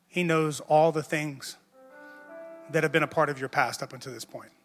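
Over music and a long hall echo, a pastor with a fairly high, fairly bright voice tells a personal story in a conversational sermon, self-mocking and building up through repeated words.

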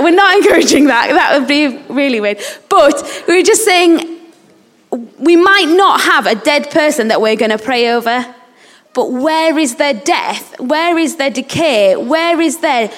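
A woman preaching a sermon, earnestly putting questions straight to her listeners. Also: sits high. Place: church service. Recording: long hall reverb.

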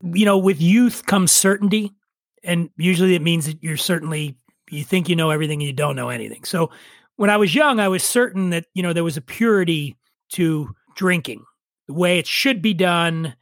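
A man's voice: fairly high pitch, normal speed, creaky, dry recording. A middle-aged man telling stories in casual chat, profane and opinionated. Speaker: podcast guest.

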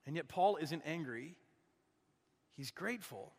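A man's voice: on the high side, animated, unhurried, a little mellow, husky, long reverb tail. A man preaching a sermon in an earnest, conversational way, often asking his listeners questions. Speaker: guest preacher.

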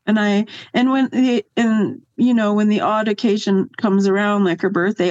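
A woman in her fifties, a guest answering personal questions hesitantly, halting and trailing off. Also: medium pitch, fairly even intonation, a little mellow, dull audio. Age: 50s.

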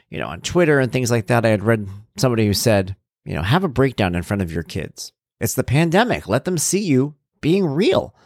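A man's voice: mid-range voice, no room sound. A man hosting his own podcast in casual chat, upbeat and chatty with rambling asides, close to the mic. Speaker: podcast host.

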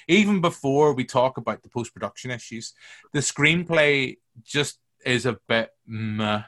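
A man's voice: medium pitch, animated, measured pace, fairly bright tone. Man hosting, teasing and rambling. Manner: playful teasing, long rambling takes. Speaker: podcast host. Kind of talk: casual film review chat.

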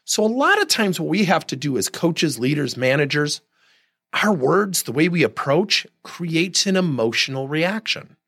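Guy doing a solo coaching podcast, kinda high husky voice, really lively. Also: moderate pace. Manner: animated storytelling, acts out quoted people; candid, direct advice.

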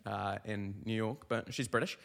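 A man's voice: lowish voice, fairly even intonation, normal speed, gravelly, a bit bright, in a large hall. A young man hosting a comedy podcast, telling meandering, self-mocking stories full of tangents. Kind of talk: rambling comic monologue.

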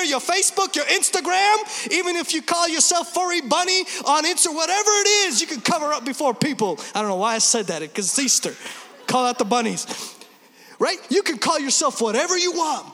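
A man in his thirties preaches an Easter sermon, his voice sitting very high for a man. He drives points home with emphasis, then slips into quick humorous asides. Long reverb trails behind him in a large church hall. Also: expressive, pushed and bright. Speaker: pastor.

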